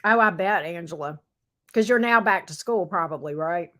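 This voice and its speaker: A woman's voice: fairly low pitch, normal speed, sharp tone. A middle-aged woman, casually chatting with viewers on her livestream, answering their comments and talking to her dog from her home office. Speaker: tarot reader and livestream host.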